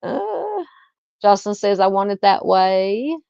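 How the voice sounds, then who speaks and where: A woman's voice: medium pitch, very animated, unhurried, vocal fry, warm tone, dry recording, muffled recording. A woman with a Southern American accent hosting a casual livestream, chatting and reading out viewer comments. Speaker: livestream host. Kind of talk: casual live-chat.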